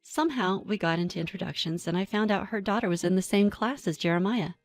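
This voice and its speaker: Calm woman narrating a story. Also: medium pitch, fast talker, faint music behind. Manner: calm, even storytelling with dry asides. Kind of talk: first-person story narration.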